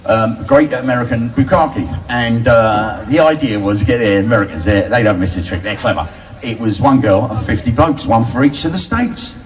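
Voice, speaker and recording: With hardly any pauses, an older Englishman rattles off crude, cheeky stories at a moderate pace, his mid-range voice animated as he laughs at his own jokes. It's a distant recording of a live bar audience, with slight background noise.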